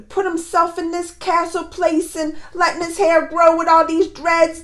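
A woman's voice: extremely high pitch, fairly bright tone. A woman giving a casual, chatty movie review, laughing easily and talking straight to her viewers. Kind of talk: casual chat.

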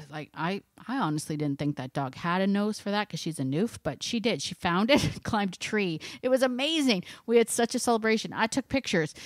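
A woman's voice: medium pitch, no room sound, studio quality. A woman dog trainer giving casual, chatty training tips, often laughing as she talks. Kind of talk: casual instructional talk.

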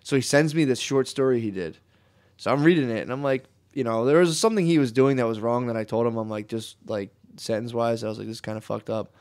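A man's voice: medium pitch, fast, darkish tone. A young man co-hosting a podcast, telling a long story in a rambling, profane way and acting out what people said. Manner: rambling, swearing storyteller who acts out quotes. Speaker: podcast co-host. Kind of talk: casual podcast chat.

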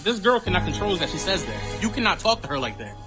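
A woman's voice: fairly low pitch, very animated, fast. A woman playing characters in a comedy skit, sassy and exasperated, scolding others over music.

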